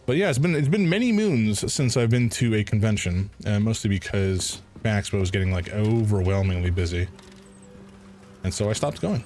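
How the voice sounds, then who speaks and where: Streamer guy, lowish voice, casual rambling chat over a game. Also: lively intonation, moderate pace, darkish tone, soft background music. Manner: rambling, hesitant, with many fillers.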